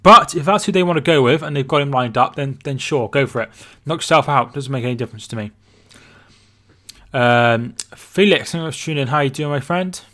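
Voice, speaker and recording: A man's voice: mid-range voice, fairly quick, fairly bright tone. A man with a Scottish accent hosting a casual football livestream, reading viewers' messages aloud and answering them. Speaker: football stream host.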